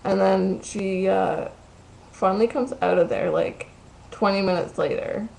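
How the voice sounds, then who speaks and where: A young woman rants through a casual vlog story, her voice gravelly with fry. She talks loosely, filling her sentences with likes and ums. A faint hiss sits under the recording. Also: mid-range voice, measured pace, darkish tone, rough recording. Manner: chatty, ranting, many likes and ums.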